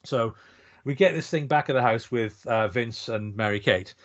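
A man's voice: medium pitch, normal speed, muffled recording. A man co-hosting a casual film review podcast, blunt and sweary, rambling with restarts. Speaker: podcast co-host.

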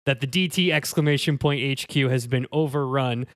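A man's voice: mid-range voice, moderate pace, a bit bright, no echo, clean studio sound, lightly acted. A man playing a pedantic podcast owner who lectures on demons in a mock-authoritative tone, in an improvised comedy bit. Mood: pompous. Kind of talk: improvised comedy role-play.

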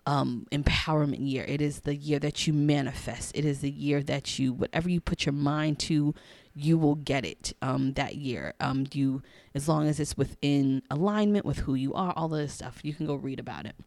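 A woman hosting a podcast, telling a personal story in a candid, chatty way and acting out the dialogue, sometimes in a hushed voice. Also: sits low, moderate pace, no echo. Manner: expressive, acts out dialogue in a hushed voice. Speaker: podcast host.

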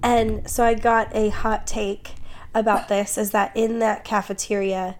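A woman's voice: medium pitch, flat delivery, measured pace. A young woman hosting a podcast while sick and congested, chatting casually and joking with frequent laughs. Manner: joking, laughs often, rambling asides. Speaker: podcast co-host. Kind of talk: casual comedic chat.

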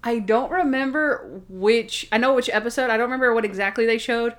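A woman co-hosts a podcast, chatting casually about TV episodes. She talks in an animated way with plenty of filler words. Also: on the high side, brisk. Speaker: podcast co-host. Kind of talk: casual chat reviewing TV episodes.

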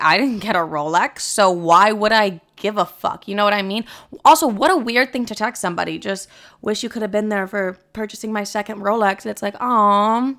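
A young woman from Chicago hosts a podcast, her medium-pitched voice fairly bright in tone. She chats casually and swears a lot, peppering her speech with "like."

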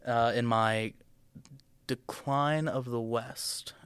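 A man's voice: mid-range voice, steady tone, extremely slow, fairly bright tone, smooth, dry recording. A young American man co-hosting a casual political podcast, joking and rambling with lots of filler words. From United States. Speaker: podcast co-host.

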